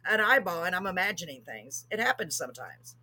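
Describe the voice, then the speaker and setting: A woman's voice: lowish voice, sing-song, a little fast, sharp tone, husky. A middle-aged woman from Texas, hosting a live chat show, bubbly and jokey with frequent laughs. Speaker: show host.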